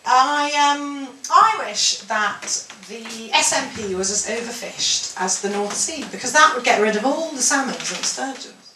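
A woman's voice: a little high, measured pace, hardly any pauses, recorded from a distance, a little hiss or hum. A Scottish woman doing a stand-up routine with dry, wry delivery. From Scotland. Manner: deadpan, wry, with sudden loud character voices. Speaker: stand-up comedian. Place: large hall with an audience. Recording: echoey live hall, mic heard from afar.

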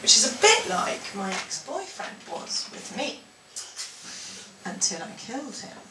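Deadpan Scottish woman on a comedy stage. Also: on the high side, measured pace, far from the mic, very noisy. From Scotland. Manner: deadpan, wry, with sudden loud character voices. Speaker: stand-up comedian. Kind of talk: stand-up routine. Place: large hall with an audience. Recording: echoey live hall, mic heard from afar.

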